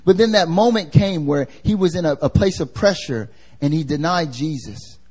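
Brief: male preacher, somewhat high voice with a mellow tone, conversational sermon, quizzes the listeners. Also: animated, moderate pace, breathy edge. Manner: casual and slangy, asks the congregation questions. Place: church service.

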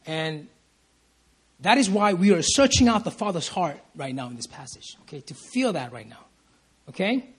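A man preaching a church sermon in a high, husky voice. He presses his points hard, repeats them, and keeps calling for "amen". His phrases often break and restart as his feeling rises. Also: very animated, moderate pace. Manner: emphatic, repeats lines and asks "Amen?" for response. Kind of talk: sermon at a prayer meeting. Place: church service.

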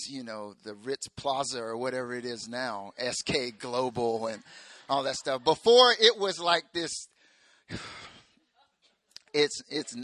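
A young man preaching a casual, joking sermon, acting out stories with high-pitched quoted voices. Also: no echo. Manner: animated, jokey, acts out quotes in high voices. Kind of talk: sermon storytelling.

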